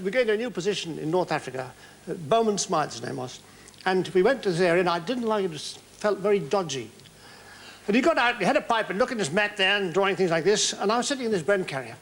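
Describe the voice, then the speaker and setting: A man's voice: high voice, a bit bright. A man in his seventies, a comedian guest on a television talk show, telling anecdotes in a rambling, playful way with stammering restarts. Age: 70s. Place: television studio with live audience. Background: audience laughter.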